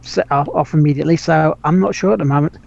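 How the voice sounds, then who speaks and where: A man chats loosely as a podcast host, tripping over restarts, laughing and dropping casual swears. His voice sits a little high for a man. The audio is dull and lo-fi. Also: quick pace, gravelly, a little mellow. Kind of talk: casual gaming chat.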